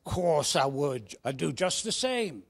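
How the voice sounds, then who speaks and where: A man voicing a loyal Cockney boy in a put-on Cockney accent, drawling slowly and low. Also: big pitch swings, creaky, heavily acted.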